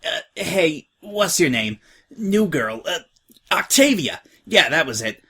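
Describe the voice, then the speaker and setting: A man's voice: a little high, very animated, slow, pushed and bright, slightly rough, voice pushed up, exaggerated voice. A man doing a brash, tough young filly. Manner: blunt, slangy, offhand. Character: brash, tough young filly, slangy orphan-home veteran.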